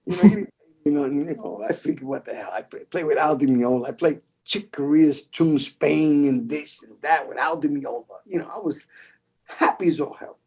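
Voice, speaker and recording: A middle-aged man from the Bronx with a New York accent, telling stories in a casual interview, animated and swearing, acting out the voices of people in them. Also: on the high side, moderate pace, husky. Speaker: guest percussionist.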